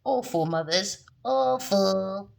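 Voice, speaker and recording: A woman giving a casual tarot reading in a brash, profane, mocking way, laughing often and swinging between low muttering and loud, high bursts. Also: lively intonation, slow, vocal fry, slight background noise. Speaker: tarot reader.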